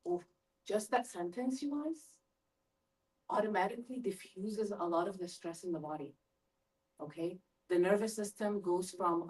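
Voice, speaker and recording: A woman's voice: medium pitch, moderate pace. Engaging woman presenter, a bit far from the mic. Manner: lively, engaging, asks the audience questions. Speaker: school family-engagement presenter. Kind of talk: live parent workshop talk. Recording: voice from a distance from the mic.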